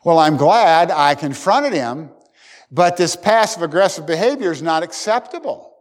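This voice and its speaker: A man's voice: a little high, animated, moderate pace. A man preaching a sermon as pastor, talking earnestly and acting out what people say. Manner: earnest preaching, acts out quoted speakers. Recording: long hall reverb.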